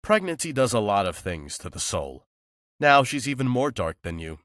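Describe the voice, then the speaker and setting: Man doing a high-pitched excitable werewolf buddy, theatrical, playful, loud, dry audiobook voice. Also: normal speed, no room sound. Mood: dramatic. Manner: dramatic, fussing, playful. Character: excitable young male werewolf, Damon's best friend. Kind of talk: audiobook character voice.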